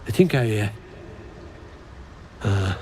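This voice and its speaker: An actor voicing a dazed, mushroom-addled man in a video game, speaking in halting, broken phrases. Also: fairly low pitch, expressive, warm tone. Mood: rambling. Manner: halting, fragmented speech.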